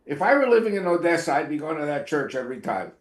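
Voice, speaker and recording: A man's voice: fairly high pitch, very animated, fast talker, echoey room. A man from Israel, a guest in a casual interview, talking earnestly with wry asides and hesitant fillers.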